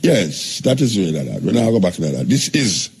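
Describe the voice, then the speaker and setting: A man's voice: sits low, very animated, moderate pace, a little mellow, a little hiss or hum. A man with a Jamaican accent hosting a radio talk show, preaching in drawling patois and teasing his callers.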